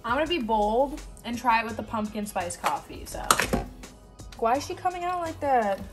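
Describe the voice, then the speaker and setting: A woman's voice: fairly high pitch, animated, moderate pace. A young woman chatting casually and bluntly as she taste-tests food for her vlog. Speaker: vlogger. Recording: echoey room, mic at a distance. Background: faint music.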